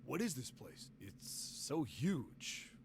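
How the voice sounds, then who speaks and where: A man voicing a big, strong, gruff older man who talks bluntly and teases roughly, in a fan reading of a game. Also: medium pitch, wildly swooping pitch, slow pace, slight background noise, exaggerated voice.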